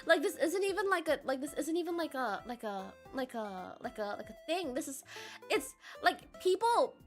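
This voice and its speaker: Woman streamer, casual rambling chat, high voice, faint music behind. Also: big pitch swings, normal speed. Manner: rambling, filler-heavy, bursts of laughing shouts.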